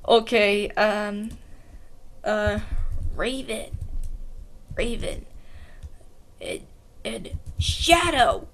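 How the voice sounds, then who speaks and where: A woman's voice: medium pitch, sing-song, extremely slow, creaky, pauses often, a bit bright. A woman streamer narrating a toy role-play story, chatty and giggly, jumping between narration and character voices.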